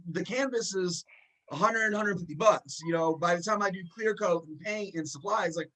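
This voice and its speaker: High-voiced man telling an animated story. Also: normal speed, a little hiss or hum, poor audio. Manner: animated, acts out the voices of people in his story. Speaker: guest. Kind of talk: storytelling in a casual podcast interview.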